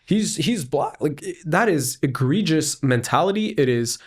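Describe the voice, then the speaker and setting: A man's voice: on the high side, expressive, normal speed, husky. A man co-hosting a casual political podcast, earnest and stumbling over repeated words as he builds his points. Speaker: podcast co-host.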